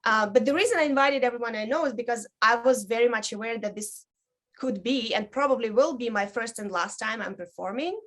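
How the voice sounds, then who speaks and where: A talkative woman in her thirties with a slightly high voice. She tells her stories in a loose, chatty way, full of fillers and animated quoted lines. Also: fairly quick. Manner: chatty storyteller with frequent ums, likes, laughs and lively quoted voices. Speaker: podcast guest, burlesque dancer. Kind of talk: casual interview chat.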